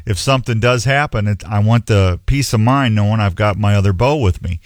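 A man's voice: on the low side, brisk, dry recording, studio quality. A middle-aged man hosting a show in a rambling, folksy, self-mocking way. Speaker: radio show host. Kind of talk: casual on-air chat.

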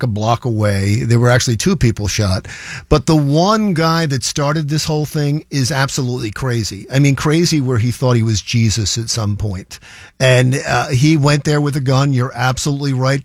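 A man's voice: medium pitch, dry recording, studio quality. A man co-hosting talk radio, easygoing and rambling, often repeating himself. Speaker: radio co-host. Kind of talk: casual talk radio banter. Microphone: studio microphone.

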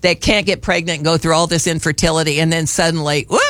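A man's voice: fairly high pitch, steady tone, fast, a bit bright, no echo. A man in his sixties hosting a talk radio show, telling stories in a chatty way with many restarts. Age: 60s. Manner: chatty storyteller, frequent restarts. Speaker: radio host. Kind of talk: casual talk radio chat. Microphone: studio mic.

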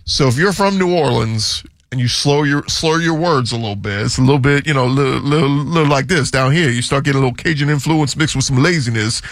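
A man's voice: medium pitch, quick pace, few pauses, no echo. A man hosting a sports radio show, chatting casually and jokingly about how names are said, now and then mimicking other voices.

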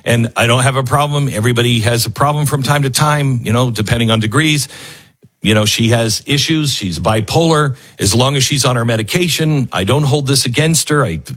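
A man's voice: mid-range voice, brisk, a bit bright, husky. A man hosting a casual news commentary show, sarcastic and acting out the people he quotes. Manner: sarcastic, acts out quotes in other voices.

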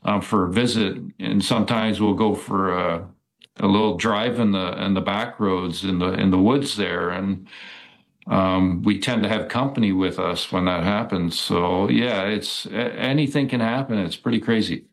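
Male guest, lower pitch, halting delivery with frequent fillers, casual storytelling. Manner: hesitant, many fillers and restarts. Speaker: guest describing encounters. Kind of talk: casual interview talk.

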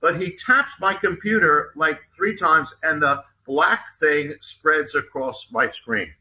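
A man who is an author and a guest in a conversation, telling a story in an earnest, halting way and retelling what was said. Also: on the high side, pushed and bright, low-quality recording.

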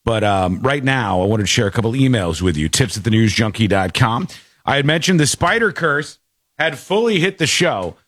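A man's voice: mid-range voice, sing-song, normal speed, fairly bright tone, dry recording. An American man hosts a casual talk show on a studio mic, his voice swinging up and down with energy. The sound is dry and close. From United States. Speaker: podcast host.

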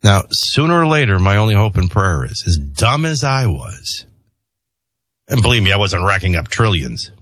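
A middle-aged man hosting a show, rambling between personal stories and opinion rants in an animated way. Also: fairly low pitch, moderate pace, dry recording. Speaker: host. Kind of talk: opinion monologue with storytelling.

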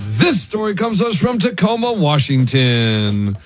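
A man telling a funny news story on a radio show, animated and jokey. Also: a little high, a little slow, over music.

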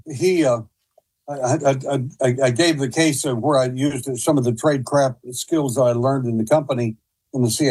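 A man's voice: medium pitch, a little mellow, husky, low-quality recording. A man who is a guest on a talk show, telling rambling stories with many hesitations and restarts. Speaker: guest investigator. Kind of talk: casual storytelling.

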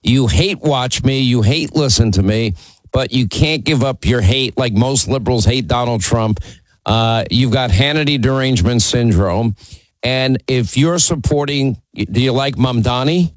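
A man's voice: medium pitch, measured pace, no room sound, rough recording. A middle-aged man hosting a call-in radio show, blunt and mocking as he argues with callers. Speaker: radio talk show host. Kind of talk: combative call-in radio talk.

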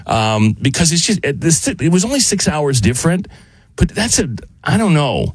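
Man, American, casual storytelling, husky, slightly high, dry close sound. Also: moderate pace, dry recording. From United States. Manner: animated, acts out the dialogue, laughs while telling. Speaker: storyteller on a podcast.

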